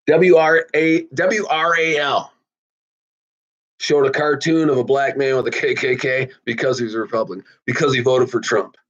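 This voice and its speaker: A man hosting his own podcast, talking in a casual, blunt monologue that swings from loud outbursts to low asides. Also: muffled recording. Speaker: podcast host.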